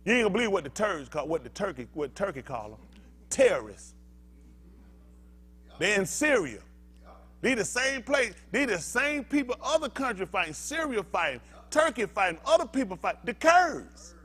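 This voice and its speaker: Older male preacher with a slightly high, animated voice, heated and emphatic, pushes the congregation with questions. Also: normal speed, breathy edge. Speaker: pastor. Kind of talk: fiery preaching sermon.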